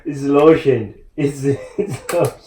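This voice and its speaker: A man's voice: mid-range voice, slow, mellow, a little hiss or hum. A young man, laid-back and teasing as he pranks his wife at home.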